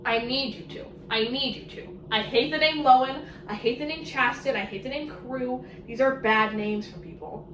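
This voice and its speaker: A woman giving a casual, sarcastic, animated summary of a book she is reviewing. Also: high voice, normal speed, few pauses, reverberant, far from the mic, slight background noise, poor audio. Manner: sarcastic, animated, exclamatory asides.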